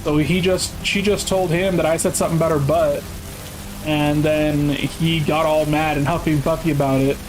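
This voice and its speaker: A man's voice: a little high, steady tone, rough recording. A man telling a long, profane workplace story in casual chat with friends. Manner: profane storytelling, quick bursts. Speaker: streamer.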